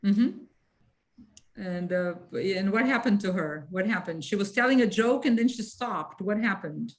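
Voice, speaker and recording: A woman's voice: mid-range voice, lively intonation, measured pace, low-quality recording. A woman teaching an English lesson. She explains patiently and keeps checking whether her students understand.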